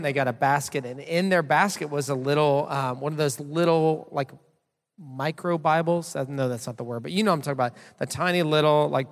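A man in his thirties preaching a sermon as pastor, telling a story in a casual, conversational way with many fillers. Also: a little high. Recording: long hall reverb.

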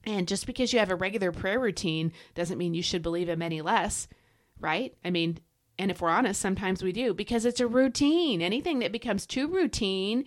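Excited woman preaching on a podcast. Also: medium pitch. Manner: excited, animated preaching with casual fillers. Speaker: podcast host. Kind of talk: devotional podcast talk.

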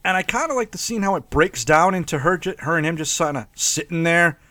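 A man's voice: a little high, fairly quick, pushed and bright, no echo. A man co-hosting a casual movie discussion, acting out scenes with mock quotes and laughter. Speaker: podcast co-host.

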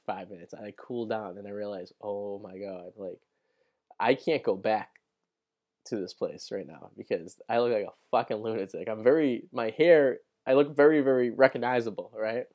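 A man's voice: mid-range voice, a little mellow. A young man hosting his own show, telling a long story in a casual, rambling way, full of swearing and "right?". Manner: rambling, profane, fills with "right?" and "like". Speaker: podcast host.

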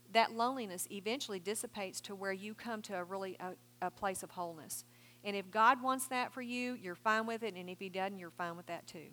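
A middle-aged woman giving a Christian counseling seminar talk, earnest, quoting scripture and taking questions. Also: medium pitch. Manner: earnest, warm advice with quoted scripture.

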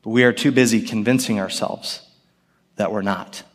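A man in his thirties preaching a sermon as pastor, earnest and storytelling, with gentle pauses. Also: fairly low pitch, fairly even intonation. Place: church sanctuary. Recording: long church hall reverb.

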